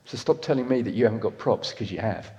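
A man in his fifties preaching a sermon, swinging from loud emphatic lines to soft, intimate ones. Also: lowish voice, fast. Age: 50s. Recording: echoey hall reverb.

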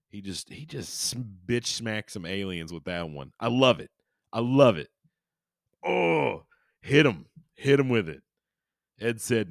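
A low-voiced podcast host retells a strange paranormal story in a goofy, irreverent way, rambling off into jokes and asides. His delivery is sing-song, unhurried, and creaky, and the recording is dry and close to the mic with no room sound.

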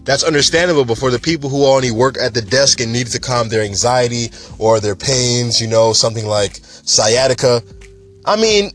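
A man hosting a casual cannabis news show, talking in an animated, chatty and emphatic way. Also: mid-range voice, moderate pace, faint music behind.

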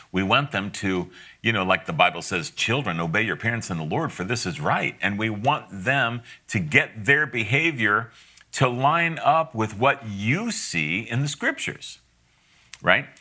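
A man's voice: deep voice, bright, forceful tone. A middle-aged man giving a conversational sermon, folksy and direct, with asides and frequent laughs.

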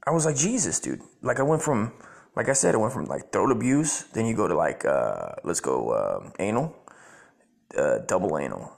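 A man's voice: on the low side, big pitch swings, normal speed, vocal fry, slightly rough. A man giving crude comedic reaction commentary, blunt, rambling and full of profanity.

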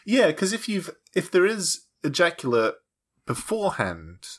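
A man's voice: high voice, wildly swooping pitch, a little slow, husky. A man co-hosting a podcast, joking and rambling in casual chat. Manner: jokey, rambling, interrupts often. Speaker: podcast co-host.

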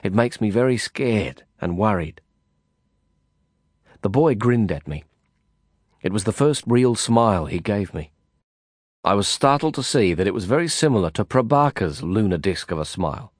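A man narrating a first-person novel in a measured, reflective storytelling manner. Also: fairly low pitch, sing-song, no echo, studio quality. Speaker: audiobook narrator.

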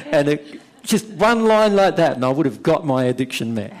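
Man teaching in an emphatic, slowed delivery. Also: on the high side, big pitch swings. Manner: emphatic, slows down to stress points. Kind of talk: conversational teaching.

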